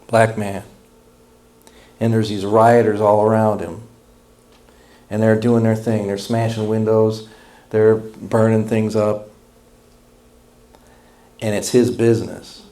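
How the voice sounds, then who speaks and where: A man's voice: lowish voice, flat delivery, slow pace, pauses often, warm tone. Blunt, impassioned man preaching a sermon. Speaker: pastor.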